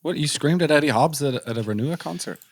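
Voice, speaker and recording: A man co-hosting a casual comedy chat, dropping quick deadpan jokes. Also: on the high side, husky. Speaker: podcast co-host.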